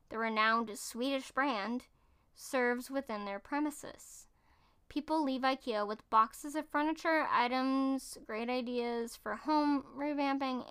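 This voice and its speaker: A woman with a high, clean, fairly bright voice hosts a casual segment, reading food facts from her screen and chatting about them. She stumbles and corrects herself along the way.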